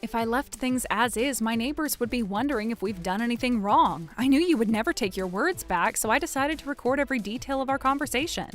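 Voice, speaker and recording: A woman with a high, lively voice acts out every role in a dramatic story, switching sharply between characters. Soft music plays beneath her. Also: fast talker, hardly any pauses. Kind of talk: acted story narration with many voices.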